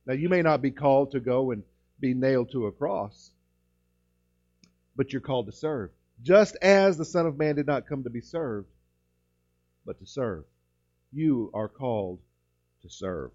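A man preaching a sermon as pastor, slowing and lifting his voice on key words, with frequent restarts. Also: mid-range voice, expressive, a little mellow, highs cut off. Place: church sanctuary.

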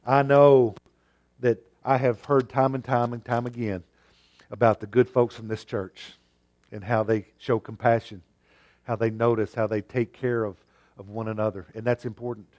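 A male pastor preaching an earnest sermon, moving between emphatic and hushed delivery. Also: mid-range voice, level tone, moderate pace.

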